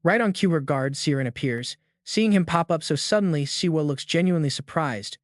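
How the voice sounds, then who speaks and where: A man's voice: fairly high pitch, a little fast, dry recording, studio quality. A man narrating a story recap in a hyped, slangy storytelling manner.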